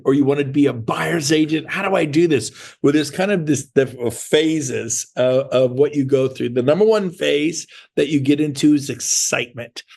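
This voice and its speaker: Energetic gravelly man giving a pep talk. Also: mid-range voice. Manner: energetic, acts out agents' voices in quick asides. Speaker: real estate sales trainer. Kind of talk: motivational talk to an audience.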